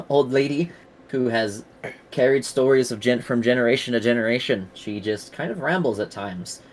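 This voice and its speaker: A man's voice: mid-range voice, slight background noise, close to an everyday voice. A man voicing a friendly woman tavern keeper who chats and rambles politely.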